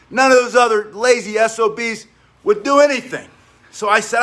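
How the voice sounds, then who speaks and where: High-voiced energetic male fitness coach. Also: normal speed. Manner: energetic, chatty, laughs while telling stories; coaching directions mid-exercise. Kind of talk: spoken workout instruction with war stories.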